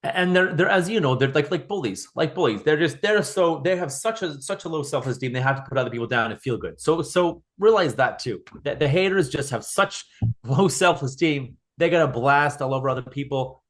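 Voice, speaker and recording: A man's voice: a little high, expressive, a little fast, fairly bright tone. A man as a podcast guest, talking earnestly in casual conversation, often restarting and repeating words.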